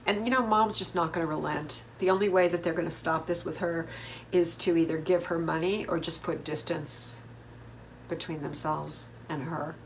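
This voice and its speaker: A woman's voice: low-pitched, fairly even intonation, normal speed, a little hiss or hum, poor audio. A woman hosting a reality TV recap, talking in a chatty, opinionated way with many fillers. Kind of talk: casual recap commentary.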